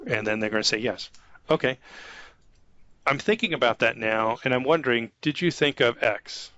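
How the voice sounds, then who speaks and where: A man who manages an IT staff, talking informally about soft skills and acting out example conversations with a light chuckle. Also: medium pitch, normal speed, dry recording, dull audio. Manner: conversational, acts out example dialogues, chuckles often. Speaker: IT manager giving career advice.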